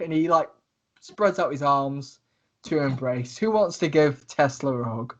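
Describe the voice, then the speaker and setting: A man's voice: fairly high pitch, normal speed. A man narrating a tabletop game as game master, chatty and rambling.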